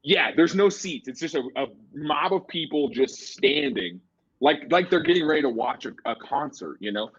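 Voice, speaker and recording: A man's voice: fairly high pitch, sing-song, normal speed, husky. A man and comedian, rambling through a story in casual podcast chat, full of "like" and "you know". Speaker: comedian guest. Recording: dull lo-fi stream audio.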